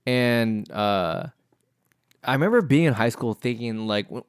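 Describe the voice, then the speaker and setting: A young man co-hosting a casual podcast chat, relaxed, asking questions with many fillers. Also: medium pitch, measured pace, clean tone, no room sound, clean studio sound. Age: young adult. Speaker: podcast co-host.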